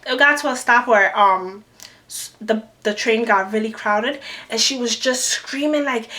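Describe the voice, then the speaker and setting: A young woman in a storytime vlog, animated and acting out the people she quotes. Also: a little high, normal speed, a little hiss or hum. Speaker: vlogger. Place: New York City.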